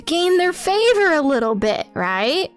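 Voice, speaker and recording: A woman streaming a game live, laughing often and talking to her chat while reading out game lines. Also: high-pitched. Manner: giggly, animated, reads out game lines.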